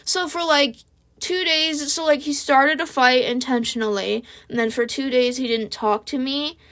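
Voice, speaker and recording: A woman with a high, bright-toned voice tells a casual storytime into a home mic. She talks in loose slang, swears often and keeps a sarcastic edge. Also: normal speed. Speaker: vlogger. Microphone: home recording mic.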